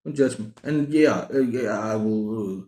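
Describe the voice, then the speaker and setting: Speaking slowly and warmly in a fairly low voice, this thirty-something South African man chats about books he's picked up, rambling, self-deprecating and constantly starting over. It's a book vlog with a roomy, echoing sound.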